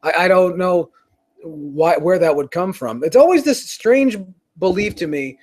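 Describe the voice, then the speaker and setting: A man's voice: high voice, expressive, measured pace, darkish tone. A man hosting his own show, ranting in a rambling, profane way with frequent restarts. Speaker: show host. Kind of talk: casual rant on a live stream.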